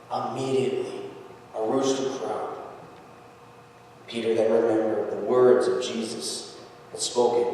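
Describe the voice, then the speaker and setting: A man pastor preaching a sermon, telling the scripture story with lively acted-out quotes. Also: mid-range voice, normal speed, slight background noise. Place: church sanctuary. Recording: echoey church hall from far off.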